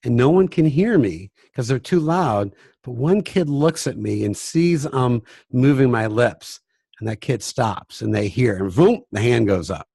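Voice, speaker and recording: Expressive, gravelly and husky, a medium-pitched man talks a little slowly in clean, echo-free studio sound. He's a music teacher giving a chatty, self-deprecating talk on classroom behavior, often demonstrating by lowering to a hushed voice in acted examples.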